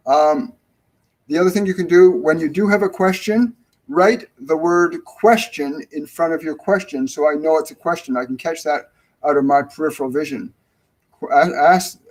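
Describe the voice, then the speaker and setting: A middle-aged man with a slightly high voice hosts a live-stream spiritual Q&A from home. He rambles warmly, restarts sentences and repeats key phrases for emphasis. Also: rough recording. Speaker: spiritual medium, show host.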